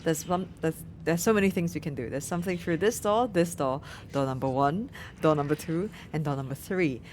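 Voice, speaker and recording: A woman casually commentating a video game, chatty, excitable and often apologetic. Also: sits low, brisk, a little hiss or hum. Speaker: let's play streamer.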